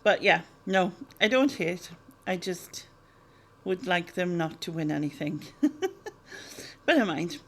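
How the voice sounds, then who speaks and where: A woman's voice: fairly low pitch, measured pace. Chatty woman vlogger. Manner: chatty, rambling, with frequent ums and laughs. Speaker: YouTuber answering viewer questions. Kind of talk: casual Q&A vlog.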